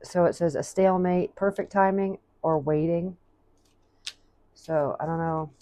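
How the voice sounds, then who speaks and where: Low-voiced woman reading tarot. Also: steady tone, warm tone, no echo. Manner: chatty, thinks aloud, reads card messages slowly. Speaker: tarot reader.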